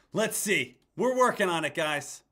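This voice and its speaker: Young male trading streamer, high-pitched, energetic, talks to viewers. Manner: energetic, addresses viewers as traders. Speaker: host, stock trader. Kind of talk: live-stream market talk.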